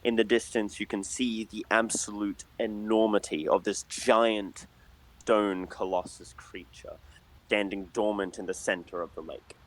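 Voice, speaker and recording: Low-voiced man narrating as dungeon master. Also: fairly even intonation, measured pace, rough recording. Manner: hesitant, many fillers and restarts. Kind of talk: narrating a tabletop game.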